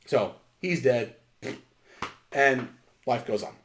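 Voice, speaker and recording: A man's voice: mid-range voice, takes it slowly, a little hiss or hum. A man hosting a casual movie review, recapping the plot in a sarcastic, rambling, profane way. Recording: roomy echo.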